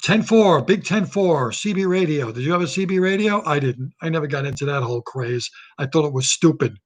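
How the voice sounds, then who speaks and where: A man hosting his own comic monologue, rambling and sarcastic, firing off quick jokes. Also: fairly high pitch. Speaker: comedian and host.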